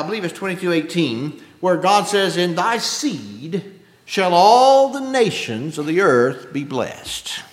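A man preaching an expository sermon with a drawn-out, emphatic cadence, often clearing his throat. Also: fairly high pitch, a bit bright. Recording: echoey hall with long reverb.

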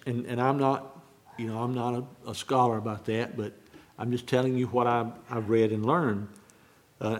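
A man preaching on a Bible verse, halting and restarting often, repeating key phrases slowly. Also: mid-range voice. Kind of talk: sermon, unscripted Bible teaching.

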